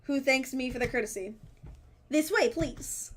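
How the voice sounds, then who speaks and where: Giggly high-voiced woman streamer. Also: unhurried. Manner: giggly, playful, switches into put-on character voices. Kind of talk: reading a dating game aloud with silly voices.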